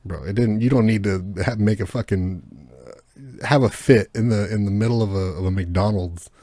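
Chatting casually as a podcast co-host, this man rambles through fillers and restarts and swears without holding back. His lowish voice is mellow and moves at normal speed. The sound is dry and close, with no echo or surrounding room.

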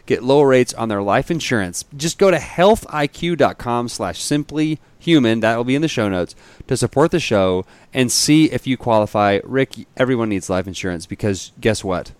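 A man hosting a podcast from home, chatting casually, rambling with lots of fillers and quick laughs. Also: mid-range voice, expressive, clean tone, no echo. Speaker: podcast host. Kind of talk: casual chat.

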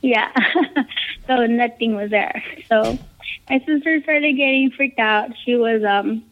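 A woman's voice: a little high, takes it slowly. A woman casually telling a personal story, rambling with lots of "um", "like" and "you know". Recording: tinny phone-like line.

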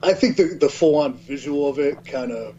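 A man in his thirties, a podcast guest, telling a story in a relaxed, self-mocking way and laughing often. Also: on the high side, moderate pace. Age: 30s. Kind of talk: casual podcast chat. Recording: slightly dull sound with faint hum.

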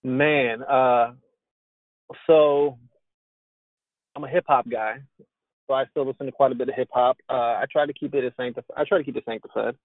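Gravelly man on a tinny line. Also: mid-range voice, fairly even intonation, moderate pace, pauses often, no room sound. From Hispanic roots in the US. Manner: earnest, preachy, candid. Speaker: podcast guest, men's ministry founder. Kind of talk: casual podcast conversation.

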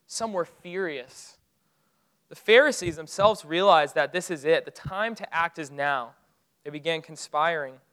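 A man preaching a sermon, retelling a Bible story with rising excitement and dropping to hushed, solemn tones. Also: fairly high pitch, unhurried, smooth, poor audio. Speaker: pastor.

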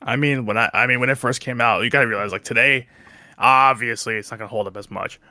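Young male co-host, bright and dry, relaxed and halting delivery. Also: medium pitch, no echo. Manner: relaxed, hesitant, repeats words while searching. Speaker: podcast co-host. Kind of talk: casual chat.

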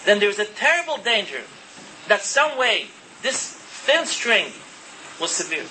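Casting: male preacher, very high and piercingly bright voice, earnest and impassioned sermon delivery. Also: very animated, measured pace, a little hiss or hum, low-quality recording. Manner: earnest, impassioned, mixes Hebrew terms into English. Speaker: religious speaker.

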